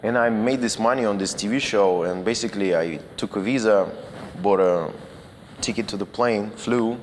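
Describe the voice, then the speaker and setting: A man's voice: fairly low pitch, normal speed, long reverb tail, a little hiss or hum. A Russian man with a Russian accent, a guest cinematographer telling anecdotes casually, with loose non-native grammar, restarts and chuckles.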